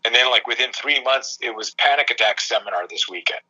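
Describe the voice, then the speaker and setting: A middle-aged man, a self-defense coach, telling stories in a fast, emphatic way and acting out the dialogue himself. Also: mid-range voice, bright, forceful tone, husky, highs cut off. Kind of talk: animated storytelling in a podcast conversation.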